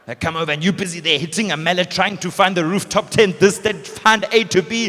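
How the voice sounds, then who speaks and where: A South African man performing a stand-up comedy set in a large theatre, telling stories in an animated way and breaking into loud bursts as he acts out characters. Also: high-pitched, moderate pace, hardly any pauses. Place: large theatre stage before a live audience. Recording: live hall reverb with audience.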